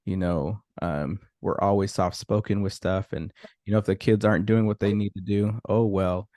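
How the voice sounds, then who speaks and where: A man's voice: lowish voice, fairly even intonation, moderate pace, darkish tone, no room sound, studio quality. A man hosting a podcast, talking in an easygoing, casual way with a lot of fillers. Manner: easygoing, full of "you know" fillers. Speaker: podcast host. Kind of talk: casual conversation.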